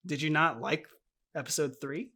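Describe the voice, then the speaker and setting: A man's voice: fairly high pitch, steady tone, moderate pace, pushed and bright, breathy edge. A man co-hosting a podcast in casual recap chat, enthusiastic and teasing, laughing often. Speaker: podcast co-host.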